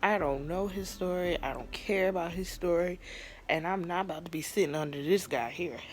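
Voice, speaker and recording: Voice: medium pitch, moderate pace. A vlogger giving a casual, exasperated take on a TV finale, acting out the characters and laughing often. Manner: animated, exasperated, acts out scenes; frequent laughter. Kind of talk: casual TV reaction chat.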